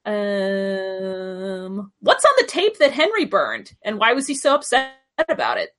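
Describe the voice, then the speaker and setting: Bright-voiced woman in casual chat. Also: medium pitch, sing-song, a little slow. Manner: chatty, questioning, reads from a list. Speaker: podcast co-host.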